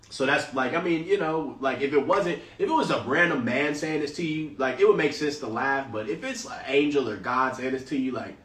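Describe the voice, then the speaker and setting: Reading scripture aloud at a Bible study he hosts, a man with a mid-range, somewhat bright voice keeps breaking into casual, slangy remarks. He sounds distant from the microphone in a roomy space.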